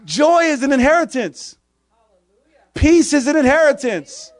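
High-pitched guy preaching, dry close sound, asks short questions, reads old-style bible verses. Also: lively intonation, a little slow, no room sound. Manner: quotes scripture in old-fashioned wording. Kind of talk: sermon.

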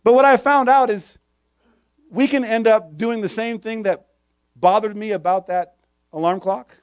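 High-voiced preacher asking punchy questions. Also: male voice, measured pace, clean tone, no echo, studio quality. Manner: preaches in short call-and-response questions; quotes scripture in old-fashioned wording. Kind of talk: sermon.

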